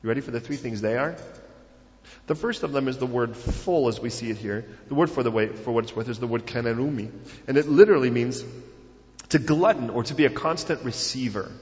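A man's voice: mid-range voice, brisk, a little mellow, in a large hall, lo-fi sound. A man preaching a sermon in a conversational way, full of rhetorical questions and filler phrases. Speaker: pastor.

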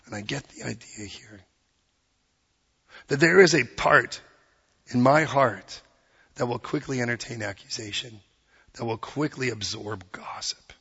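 A man preaching a sermon, earnest and plain-spoken, quoting scripture and acting out quick voices. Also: mid-range voice, gravelly, bright, forceful tone, husky, in a large hall, lo-fi sound.

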